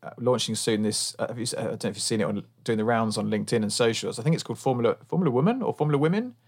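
Guy hosting a podcast, mid-pitched, friendly, kinda rambly and stammery. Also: animated, rapid-fire, darkish tone, breathy edge. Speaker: podcast host. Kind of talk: casual chat.

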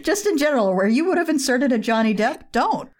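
A woman in casual conversation, wry and joking, laughing often. Her voice is fairly high and swoops widely in pitch. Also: very animated, fairly quick. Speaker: podcast co-host. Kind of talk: casual chat.

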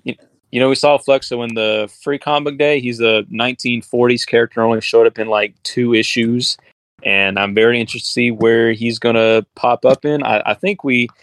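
A man co-hosting a podcast in a relaxed, chatty tone. His voice sits at an ordinary pitch, and he talks with casual enthusiasm. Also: fairly quick, no room sound. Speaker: podcast co-host. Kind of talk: casual chat.

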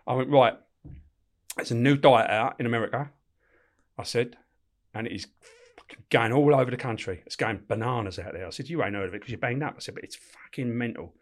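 A man's voice: medium pitch, fairly quick. A middle-aged man, a former prison officer telling prison stories in casual chat, swearing freely and acting out the dialogue. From England. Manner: swears constantly, animated, laughs while telling. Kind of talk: casual storytelling with acted-out dialogue.

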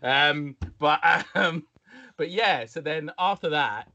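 Speaking slowly in a sharp, fairly high voice, a young podcast co-host casually tells a story and occasionally puts on mock voices. The highs in the recording are cut off.

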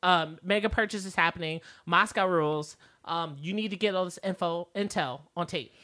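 Lower-voiced woman podcast co-host. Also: normal speed, a bit bright. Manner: musing, talks through her theory. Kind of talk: casual TV recap chat.

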